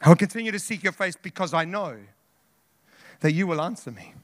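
Fervent high-voiced male preacher. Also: expressive, fairly quick, no echo, clean studio sound. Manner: impassioned preaching with repetitions and call-outs. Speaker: pastor. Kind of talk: sermon.

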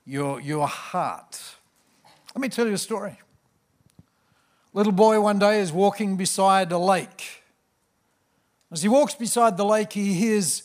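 Humorous pastor preaching a sermon. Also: male voice, sits high. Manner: warm, humorous storyteller with self-mocking asides. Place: church.

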